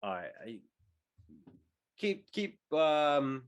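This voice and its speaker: A man's voice: fairly high pitch, very animated, very slow, muffled recording. A young man co-hosting a podcast in casual chat, rambling and swearing with jokey asides. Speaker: podcast co-host.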